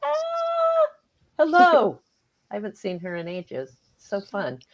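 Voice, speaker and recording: Woman author guest, kinda low voice, chatty, laughs a lot. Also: expressive, normal speed, noisy background. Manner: chatty, laughs often, acts out her own past remarks. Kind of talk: casual interview chat.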